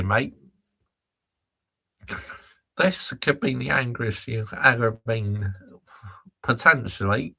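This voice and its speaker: A man hosting a live football chat, reading out viewers' comments and firing back with exasperated rants. His voice sits a little low but sounds bright and sharp. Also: vocal fry. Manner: exasperated, reads out viewer comments and answers them. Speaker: football channel host. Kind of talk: live chat reaction rant.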